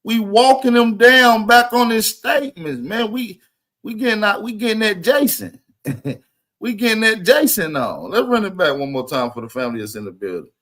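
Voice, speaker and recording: A man on a live reaction stream with a fairly high voice, breaking down clips point by point. He talks emphatically and circles back on his own phrases to drive them home. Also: lively intonation, normal speed, a bit bright. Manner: emphatic, repeats key phrases. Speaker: commentary host reacting to clips.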